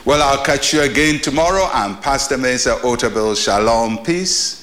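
A man's voice: medium pitch, animated, normal speed, hardly any pauses, fairly bright tone. A man preaching a short devotional sermon as a pastor, earnest and emphatic, with repeated phrases and questions to the listener.

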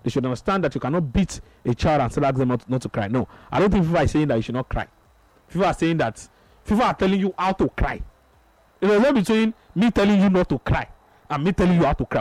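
A male radio host runs a football phone-in, his voice bouncing through a very lively, slightly high register. He leans on repetition to drive his points home. The studio sound is dry and close. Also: fast, no room sound, low-quality recording. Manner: animated, repeats phrases for emphasis. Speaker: radio sports show host. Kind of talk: sports phone-in radio talk.

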